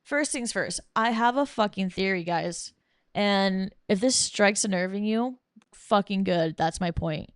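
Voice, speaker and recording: A woman's voice: medium pitch, smooth, dry recording, studio quality. A young woman hosting a podcast, ranting casually and bluntly with lots of swearing and sarcasm while reading from bullet points. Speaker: podcast host.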